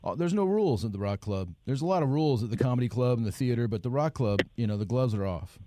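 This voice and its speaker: A man's voice: mid-range voice, animated, quick pace, noisy background. A man hosting a podcast, agreeable and easygoing in casual chat. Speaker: podcast host.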